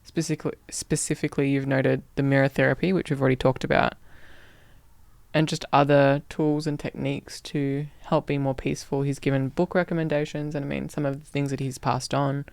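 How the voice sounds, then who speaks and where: Gravelly woman calmly prompting her co-host. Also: a bass voice, a little fast, dry recording. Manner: calm, prompting with short affirmations. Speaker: podcast co-host. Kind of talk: casual chat.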